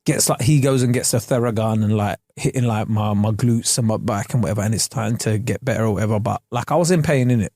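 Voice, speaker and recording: Young man, animated slangy storyteller, podcast co-host, dry studio sound. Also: on the low side, fast, hardly any pauses, no room sound. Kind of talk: casual podcast banter. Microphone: studio podcast mic.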